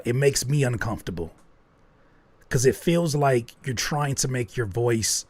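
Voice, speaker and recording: A man's voice: medium pitch, no room sound. A man hosting a live stream, reviewing listeners' songs with candid, joking critique and thinking aloud as he goes. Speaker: host reviewing listener music. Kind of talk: live music feedback stream.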